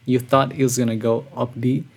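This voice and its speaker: A man streaming a music reaction, talking casually and excitedly, breathless and calling his viewers "bro". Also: medium pitch, a little fast, heavy background noise. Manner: excitable, says "bro" often, gushing. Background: song playing quietly.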